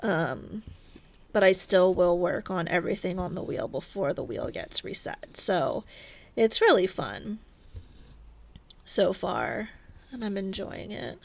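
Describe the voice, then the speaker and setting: A woman's voice: on the low side, lively intonation, takes it slowly, vocal fry, long pauses. A woman vlogging casually as she cross-stitches, rambling and chatty, often laughing at herself. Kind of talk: casual stitch-along chat.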